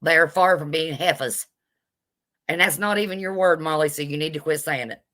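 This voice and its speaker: A female vlogger with a bright, forceful voice that sits low delivers an indignant, sassy rant at a brisk pace. She speaks bluntly during her live vlog commentary and pauses to say hello to her viewers.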